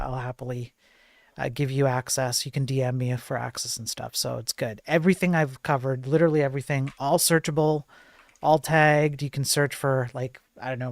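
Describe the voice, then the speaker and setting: A man's voice: mid-range voice, gravelly, no room sound. A man hosting a casual live-streamed tech news show, rambling and chatty with lots of fillers and jokey asides to his chat.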